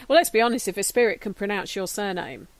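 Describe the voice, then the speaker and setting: A British woman hosts a casual podcast interview. She is chatty and chimes in with quick agreements, and her voice sits at a middle pitch. The sound is close and dry. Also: no room sound. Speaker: podcast host.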